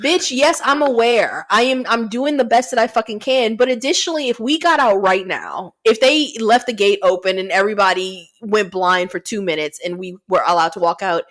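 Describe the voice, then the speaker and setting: A woman co-hosting a podcast, recapping a movie in casual chat, cursing freely and jumping into quick asides. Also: mid-range voice. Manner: profane, animated retelling with quick asides. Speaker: podcast co-host.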